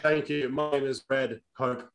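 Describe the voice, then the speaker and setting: A man hosting a podcast in casual chat, hesitant and joking, with halting starts. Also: medium pitch, fairly even intonation, music in the background. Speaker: podcast host.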